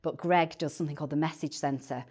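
A woman, a guest chatting on a podcast about early years teaching, animated and often repeating words as she starts a thought. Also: low voice, quick pace, breathy edge. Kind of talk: casual podcast chat.

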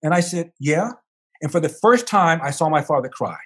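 Older man telling an animated story. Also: fairly high pitch, a little fast. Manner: animated storyteller, acts out quoted voices. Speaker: guest. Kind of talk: storytelling in a conversational interview.

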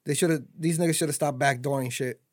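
A man co-hosting a podcast in casual, joking chat, loose and slangy, acting out quick voices. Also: a little high, fairly even intonation, dry recording, studio quality. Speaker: podcast co-host.

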